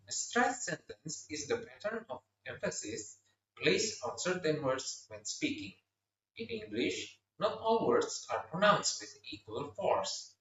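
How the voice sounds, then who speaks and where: In a classroom pronunciation lesson, a young male student teacher speaks slowly yet lively, giving clear explanations and heavily stressing the example words. His slightly high voice comes through a dull, roomy recording made from a distance.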